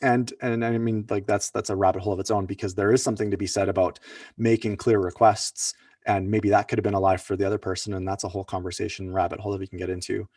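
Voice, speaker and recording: A man's voice: fairly low pitch, flat delivery, quick pace, darkish tone, no echo, clean studio sound, distant mic. A man presenting at an online workshop, talking loosely with many fillers and restarts. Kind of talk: casual online teaching talk.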